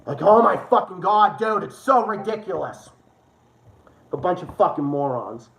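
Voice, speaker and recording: A man's voice: high voice, expressive, moderate pace, vocal fry, a bit bright. A man hosting a livestream, ranting with heated, profane political commentary. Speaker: livestream host. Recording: roomy echo.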